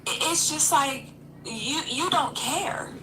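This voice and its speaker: A woman's voice: high-pitched, slow pace, sharp tone. A woman co-hosting a reaction video, questioning and blunt in casual commentary. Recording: roomy room with background noise.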